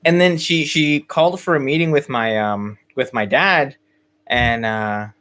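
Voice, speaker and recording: A man's voice: medium pitch, unhurried, fairly bright tone. A young man hosting a podcast, telling a story in casual chat with many fillers and restarts. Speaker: podcast host.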